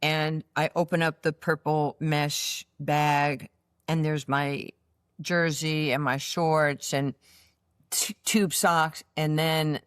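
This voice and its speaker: New york lady in her 60s spinning stories, lively, does the voices, dry close sound. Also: deep voice, slow, clean tone, no room sound. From United States. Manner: animated storyteller, acts out voices in her anecdotes. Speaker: interview guest, former basketball player. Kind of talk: casual storytelling interview.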